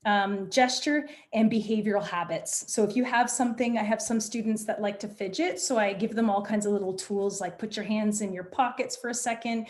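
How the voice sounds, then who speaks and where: A woman leading an online workshop on presentation skills, speaking in an energetic, demonstrative way over a video call. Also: medium pitch, brisk, hardly any pauses. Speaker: presentation coach.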